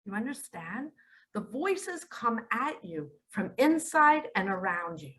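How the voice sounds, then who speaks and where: A woman speaking as a spiritual teacher in a religious monologue, emphatic, with sudden loud and hushed turns. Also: a little high, very animated, slow, low-quality recording.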